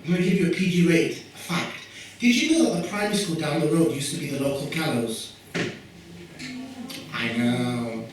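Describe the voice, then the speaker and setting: A young man with a Yorkshire accent tells jokey stories to a live audience, making quick asides to them. His voice sits fairly high. He is picked up from far off in a very echoey hall, with faint noise behind him. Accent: Yorkshire English. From Yorkshire, England. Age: young adult. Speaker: youth worker giving a talk. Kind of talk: storytelling talk at a community event. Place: community event hall.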